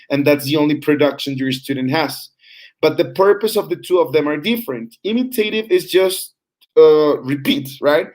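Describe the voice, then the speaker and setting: Man teaching an online class. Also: a little high. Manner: explains with frequent "right?" checks and fillers. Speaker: teacher trainer.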